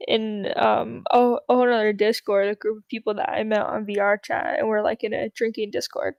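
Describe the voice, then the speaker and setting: A woman chatting casually in a relaxed, giggly, slangy way. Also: medium pitch, a little fast, vocal fry, no echo, lo-fi sound. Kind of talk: casual chat.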